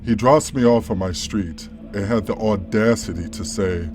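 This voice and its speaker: Lowish-voiced male story narrator. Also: moderate pace. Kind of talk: scripted narration of a horror story. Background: faint background music.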